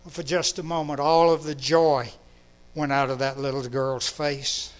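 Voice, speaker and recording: A man preaching a sermon, telling a story in a gently emphatic way. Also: medium pitch. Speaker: pastor.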